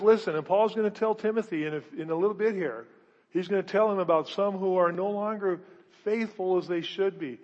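A male pastor preaching a sermon in his church, emphatic and repetitive, asking rhetorical questions and swinging between loud declarations and hushed asides. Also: high-pitched, fairly quick, long reverb tail, highs cut off.

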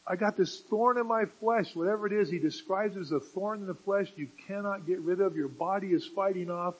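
Husky guy preaching, kinda high voice, goes quiet then gets loud. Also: fairly quick, low-quality recording. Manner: dynamic preaching, swings from quiet to loud emphasis. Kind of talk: sermon.

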